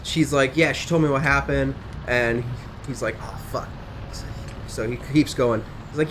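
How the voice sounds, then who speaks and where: A young man chatting casually, rambling through a long story in an animated, offhand way, breaking off to swear and make asides. His voice sits at an ordinary middle pitch. A faint hiss of background noise runs underneath. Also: a little slow. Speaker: co-host. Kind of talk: casual chat while gaming.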